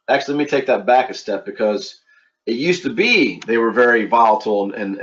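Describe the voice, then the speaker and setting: A middle-aged man from Philadelphia hosting a casual trading webinar, talking in a halting way with many repeated words and fillers. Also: medium pitch. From East Coast of the United States, Philadelphia. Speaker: webinar host and trading instructor. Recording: dull lo-fi online audio.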